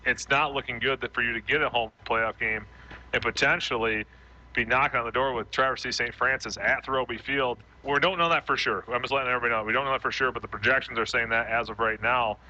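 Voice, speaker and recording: A man co-hosting a post-game radio show, breaking down the game in a measured way and often restarting his sentences. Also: medium pitch, pushed and bright, slight background noise, low-quality recording. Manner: thinks aloud, frequent restarts, measured. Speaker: radio football co-host and analyst.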